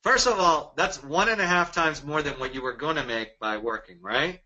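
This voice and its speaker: Male webinar host, slightly high bright voice, hard-selling, keeps asking "right?". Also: normal speed, poor audio. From Dallas, Texas. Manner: energetic, persuasive, rhetorical questions. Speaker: webinar presenter. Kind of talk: sales pitch webinar.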